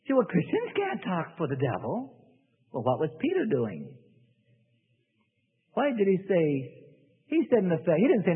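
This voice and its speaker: A man preaching a sermon in an animated way, acting out the voices of people praying. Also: high-pitched, measured pace, long pauses, slightly rough. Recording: phone-like sound in a reverberant hall.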